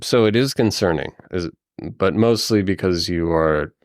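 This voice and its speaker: Solemn, courteous male woodland guide, voiced by a man, low clean voice, dry sound. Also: normal speed, no room sound, close to an everyday voice. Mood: grave, courteous. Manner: formal, respectful.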